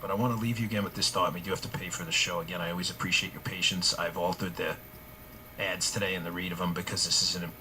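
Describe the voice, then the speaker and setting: A man's voice: low voice, steady tone, fast, pushed and bright, slight background noise. Impassioned male talk show host. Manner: impassioned, rhetorical, repeats questions for emphasis. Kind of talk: heated political commentary monologue.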